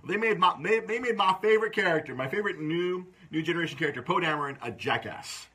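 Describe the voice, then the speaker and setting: Man, host, casual chat, high-pitched, bright, swears a lot. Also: fast, husky. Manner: animated, swearing, laughing often. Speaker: podcast host.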